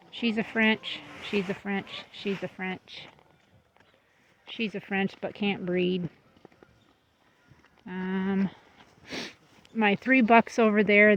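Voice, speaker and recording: A woman's voice: medium pitch, slight background noise. A woman giving a casual vlog tour of her goat pen, chatting fondly and now and then talking to her goats. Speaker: goat breeder. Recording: slightly dull lo-fi sound.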